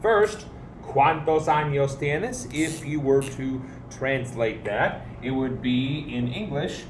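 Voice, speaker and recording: A man's voice: medium pitch, takes it slowly, slight background noise. A man teaching a language lesson to students, patient and explanatory with playful emphasis. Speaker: Spanish teacher. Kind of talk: classroom video lesson. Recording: echoey room, faint ambience.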